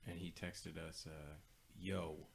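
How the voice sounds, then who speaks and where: A man's voice: low voice, fairly quick, a little hiss or hum. A man co-hosting a casual podcast, chiming in with dry, teasing remarks. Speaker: podcast co-host.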